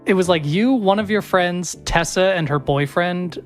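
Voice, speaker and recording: A man's voice: high-pitched, normal speed, soft background music. A man co-hosting a podcast, chatting casually and rambling with self-mocking asides and restarts. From Las Vegas, Nevada. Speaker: podcast co-host. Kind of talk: casual chat.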